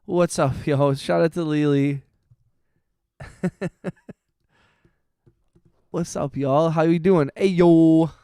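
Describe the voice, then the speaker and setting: A man's voice: fairly high pitch, fairly even intonation, slow, pauses often, mellow, smooth, dry recording, clean studio sound. A man hosting a music-making livestream from his phone, chatting casually with viewers, greeting them by name and laughing often. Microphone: phone mic.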